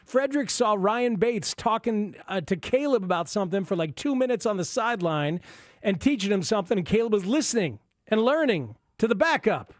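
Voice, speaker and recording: A man hosting a sports talk radio show, chatting excitedly about football and taking calls. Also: high voice, a little fast, no room sound, studio quality.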